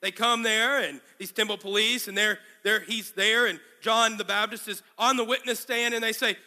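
A man's voice: high-pitched, steady tone, moderate pace, few pauses, bright, forceful tone, long reverb tail. A man preaching a sermon as pastor, dramatically acting out the biblical dialogue he explains.

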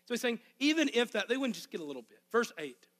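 High bright-voiced Arkansas preacher. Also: male voice, very animated, fast. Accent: Arkansas Southern US. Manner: impassioned, emphatic repetition. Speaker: pastor. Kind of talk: sermon. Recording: long hall reverb.

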